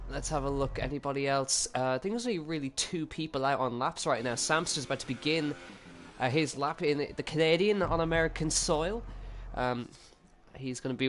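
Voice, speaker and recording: A man co-commenting on an esports racing qualifying session in a casual, chatty way. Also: fairly high pitch. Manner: casual, chatty, filler-heavy. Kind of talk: live sim racing commentary.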